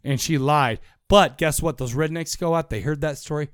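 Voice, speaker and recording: Rambling, profane podcast host. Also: male voice, fairly high pitch, normal speed, clean tone, no echo, clean studio sound. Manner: rambling, profane, laughs a lot. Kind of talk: casual chat.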